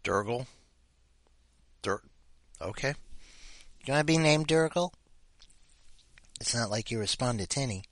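A man's voice: medium pitch, expressive, a little slow, pauses often, dry recording. A man hosting a podcast, chatting casually with rambling asides and reading a listener's story cold. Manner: rambling, mumbly asides, talks to his dog. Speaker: podcast host.

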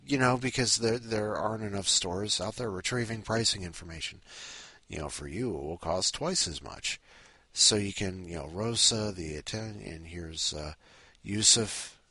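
A man's voice: low-pitched, lively intonation, normal speed, sharp tone, slightly rough, no echo. A man hosting a podcast in a rambling, sleepy way, full of restarts and asides. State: sleepy, up at five in the morning. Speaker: podcast host. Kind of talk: casual rambling chat.

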